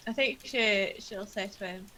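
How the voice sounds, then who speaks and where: A woman's voice: mid-range voice, moderate pace, sharp tone, a little hiss or hum, poor audio. A woman playing a tabletop game, chatting casually with lots of fillers and giggles. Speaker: player.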